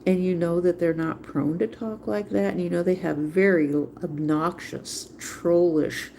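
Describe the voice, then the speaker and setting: Woman livestream host, low gravelly voice, mellow tone, rambling monologue, faint hiss behind. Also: steady tone, unhurried. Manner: rambling, repeats phrases for emphasis.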